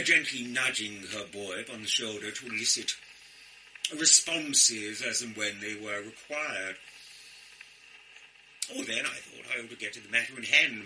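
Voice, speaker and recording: An actor playing a vain, florid out-of-work actor who tells a tale with pompous, self-admiring flourishes. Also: male voice, medium pitch, sharp tone, a little hiss or hum, poor audio. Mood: preening. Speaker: storyteller. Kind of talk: theatrical one-man storytelling.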